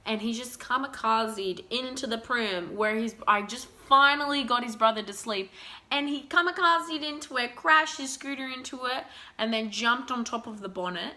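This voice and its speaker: A young woman, telling stories in a chatty, animated, self-mocking way in a casual vlog. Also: a little high, normal speed. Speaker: vlogger.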